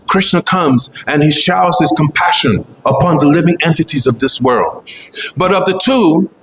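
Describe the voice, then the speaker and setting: A man preaches with fervent, earnest conviction, returning to the same phrases again and again as he builds his point. His voice sits a little high for a man. The sound rings through a reverberant space, with a faint wash of ambient noise behind him. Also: a bit bright. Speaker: devotional speaker. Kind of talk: devotional memorial talk.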